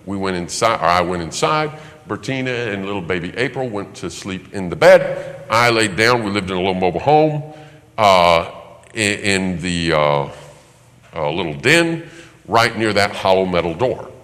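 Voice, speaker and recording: A man preaching, telling a personal story with lively acted-out voices and occasional laughter. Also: low voice, moderate pace. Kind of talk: sermon storytelling. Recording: long hall reverb.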